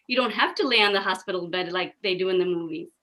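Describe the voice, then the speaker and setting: A woman's voice: fairly low pitch, fast, sharp tone. A woman co-hosting a casual chat, talking in an earnest, emphatic way. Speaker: podcast co-host.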